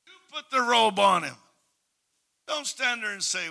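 A male Canadian pastor preaching a Pentecostal sermon. His voice sits high and rings very bright. He drops to hushed passages and climbs to loud, shouted declarations. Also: lively intonation, measured pace, gravelly. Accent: Canadian English.

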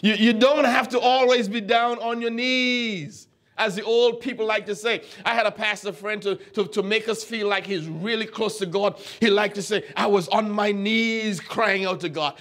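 High-voiced man preaching a teaching sermon. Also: fairly even intonation, moderate pace, a bit bright. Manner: conversational, stammers and repeats words, quizzes the congregation. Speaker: pastor.

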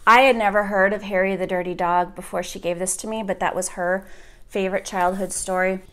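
A woman's voice: mid-range voice, fairly even intonation, a little fast, fairly bright tone. A woman, a homeschooling mother, chatting casually and eagerly about picture books and holding them up for the camera. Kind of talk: casual book recommendation chat.

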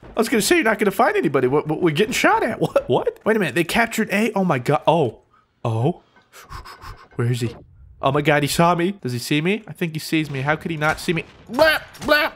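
Giggly high-pitched American gamer. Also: male voice, fast talker. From United States. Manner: excitable, giggly, frequent shrieks. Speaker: gaming YouTuber. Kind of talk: let's-play commentary.

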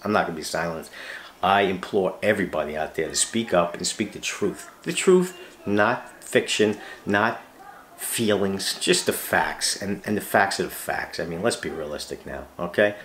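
A man's voice: low-pitched, normal speed, fairly bright tone, roomy sound, slight background noise. A middle-aged man, a retired police officer hosting his fishing channel, ranting emphatically with rhetorical questions and repeated words. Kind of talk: ranting monologue to camera.

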